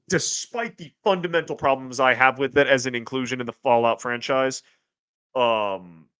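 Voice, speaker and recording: A man hosting a casual livestream, reading chat aloud and rambling, with restarts and sudden excited jumps in pitch. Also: clean tone, no echo. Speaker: streamer host reading chat.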